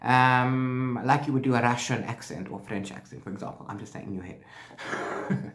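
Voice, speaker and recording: A man's voice: mid-range voice, normal speed, a bit bright. A man vlogging about his reading, chatting casually and often correcting himself mid-sentence. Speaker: book vlogger. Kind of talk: casual book review chat. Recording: roomy echo.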